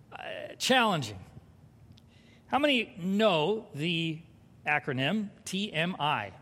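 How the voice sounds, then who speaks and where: A man preaching a sermon as pastor, animated and conversational, with humor. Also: high-pitched. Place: church sanctuary. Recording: hall reverb.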